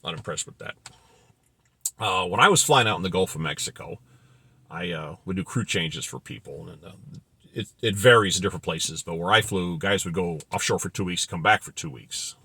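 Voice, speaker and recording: A man's voice: sits low, fairly quick, pushed and bright, breathy edge. A middle-aged man telling rambling, wry anecdotes about his work as a pilot in a casual monologue. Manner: wry, rambling, digressive storytelling. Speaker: former pilot telling stories.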